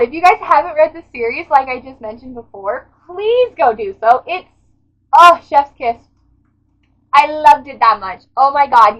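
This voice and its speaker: A woman's voice: high-pitched, lively intonation, moderate pace, a bit bright, rough recording. A woman book vlogger giving a casual reading recap, gushing and dramatic and swearing freely.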